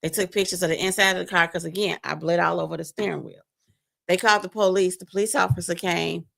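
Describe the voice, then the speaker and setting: A woman telling a painful personal story on a live stream, animated and speaking straight to her listeners. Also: fairly low pitch, quick pace, vocal fry. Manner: animated, acts out quoted voices, addresses listeners as "you all". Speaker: guest sharing a testimony. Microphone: remote stream mic.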